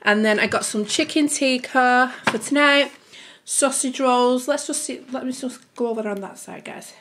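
A woman's voice: sits high, moderate pace, background noise. A young woman chatting through a family grocery haul to camera at home, rambling and slightly out of breath. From United Kingdom. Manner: chatty, rambling, keeps addressing viewers as guys. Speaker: family vlogger.

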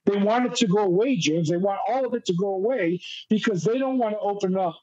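A man's voice: high voice, brisk, darkish tone. A middle-aged American man, a former prison officer, telling his story bluntly and emphatically as a podcast guest. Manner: emphatic, blunt storytelling, acts out quoted people. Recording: dull lo-fi audio.

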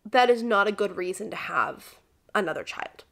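A woman's voice: medium pitch, expressive, moderate pace, creaky, fairly bright tone. A young woman, a vlogger and stay-at-home mom, talking candidly with lots of fillers and sometimes close to tears. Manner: rambling, many "like" and "um" fillers; emotional, close to tears at times. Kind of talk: candid confessional vlog talk.

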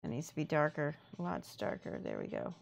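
A woman's voice: low voice, huge pitch swings, normal speed, creaky. Chatty woman painting on a live stream. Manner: chatty, thinking aloud, reads chat. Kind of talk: casual live-stream chat while painting.

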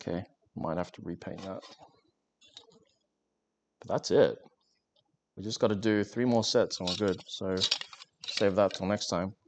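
A man's voice: sits low, steady tone, unhurried, long pauses, noisy background. A man chatting casually and joking with viewers while working on a craft during a live stream. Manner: rambling, joking, talks to chat while working.

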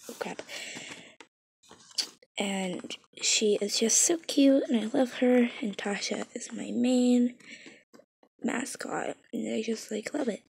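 A woman putting on a gruff raspy toy guy. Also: takes it slowly, pauses often, a little mellow, full character voice, low-quality recording. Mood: low gruff. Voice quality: raspy, strained deep voice. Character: male toy character, deep-voiced and gruff. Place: bedroom.

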